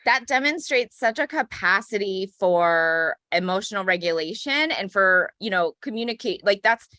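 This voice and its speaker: A woman's voice: mid-range voice, expressive, moderate pace, pushed and bright, dry recording, studio quality. A woman co-hosting a parenting podcast, talking in a reflective, affirming way and often checking in with "right?". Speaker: podcast co-host. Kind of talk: casual conversational chat.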